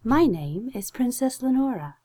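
A man voicing a seductive mermaid princess in a soft, breathy, half-whispered voice. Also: very high-pitched, sing-song, moderate pace, pitched above the performer's own voice, full character voice.

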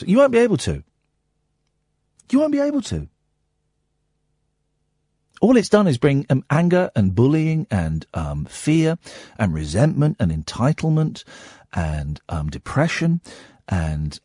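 A male radio host with a croaky voice, talking casually in a rambling, sardonic, ranting way into a studio microphone. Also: medium pitch, darkish tone, no room sound. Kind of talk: casual late-night radio talk.

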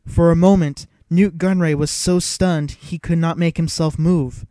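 Male audiobook narrator, warm mellow voice, steady measured reading, dry sound. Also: a little high, no echo. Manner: measured, even storytelling.

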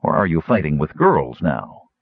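A man voicing a calm, steady knight. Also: rumbling low, moderate pace, no room sound, narrow, tinny audio, voice pushed down, exaggerated voice.

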